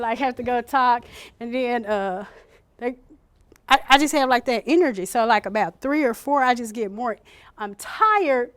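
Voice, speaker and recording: Woman, high voice, informal care trainer, chatty, acts out scenes, loud bursts, meeting room. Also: clear, resonant tone. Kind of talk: informal workshop talk.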